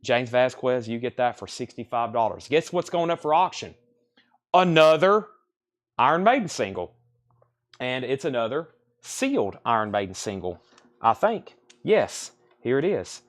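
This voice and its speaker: A man's voice: mid-range voice, very animated, normal speed. A man hosting a live-streamed record sale, chatting casually while he reads out bids, names buyers and repeats each price. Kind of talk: live-stream sales patter.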